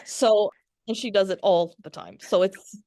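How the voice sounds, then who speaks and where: A woman in her forties, a podcast guest talking candidly in conversation, frank and quick to laugh, with frequent restarts. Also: mid-range voice, dark tone.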